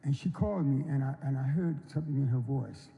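A man in his seventies from North Carolina, giving an unhurried, folksy storytelling speech at an induction ceremony. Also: medium pitch, creaky, warm tone. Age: 70s. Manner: unhurried, folksy, acts out quoted voices. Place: large hall. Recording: long reverb of a large hall.

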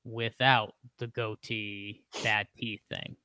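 A man's voice: on the low side, level tone, slow, pushed and bright, smooth, no room sound, clean studio sound. Easygoing man running through sports news. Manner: easygoing, quips between headlines. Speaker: podcast co-host reading sports news. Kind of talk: casual chat and sports rundown.

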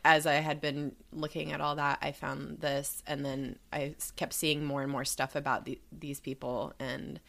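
A woman's voice: low voice, level tone, moderate pace, vocal fry, hardly any pauses, fairly bright tone. A young woman co-hosting a podcast, chatting casually and indignantly, swearing often and using many fillers. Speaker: podcast co-host. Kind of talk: casual chat.

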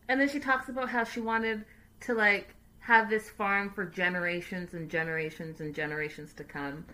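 A woman hosting a casual livestream recap, chatty, animated and sassy. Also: medium pitch, moderate pace. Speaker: host.

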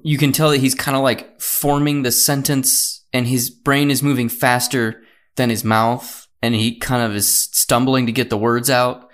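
A man's voice: medium pitch, little pitch movement, normal speed. A man co-hosting a podcast, talking in loose casual chat with many fillers. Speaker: podcast co-host.

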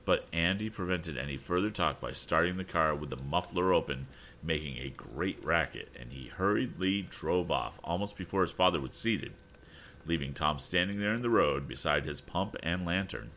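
A man reading an adventure story aloud as narrator in a measured storytelling manner. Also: low-pitched, animated, bright, forceful tone, a little hiss or hum. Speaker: audiobook narrator. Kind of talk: scripted narration.

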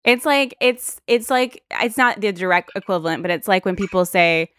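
A woman's voice: medium pitch, normal speed, a bit bright, smooth, no room sound, clean studio sound. A woman in a casual conversation who agrees often and talks hesitantly, with many fillers.

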